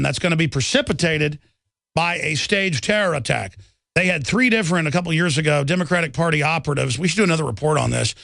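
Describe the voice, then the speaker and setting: A male talk radio host with a gravelly, fairly high voice who rants in a heated, rambling way. He is recorded close on a studio microphone with a dry sound. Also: a bit bright, no room sound. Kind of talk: talk radio monologue and taking calls.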